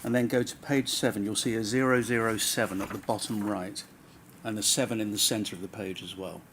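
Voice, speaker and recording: A man's voice: fairly low pitch, fairly even intonation, fairly quick, fairly bright tone, slight background noise. A man serving as inquiry counsel, questioning a witness pointedly and formally.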